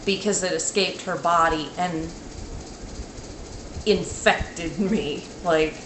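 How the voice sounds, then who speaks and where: A woman vlogger recounting a dream in casual speech, halting and rambling, with many "like"s and restarts. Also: lowish voice, fairly even intonation. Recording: echoey room with faint noise.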